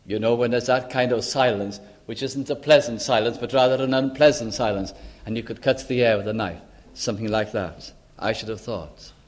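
A man preaching a sermon in a slow, deliberate and emphatic way, with dramatic pauses. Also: mid-range voice.

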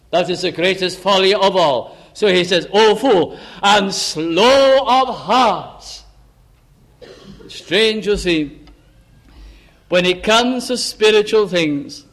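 High-voiced older preacher, fervent. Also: male voice. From Lancashire, England. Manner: fervent, rising to emphatic exclamations, drops to soft asides. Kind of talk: sermon. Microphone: amplified microphone.

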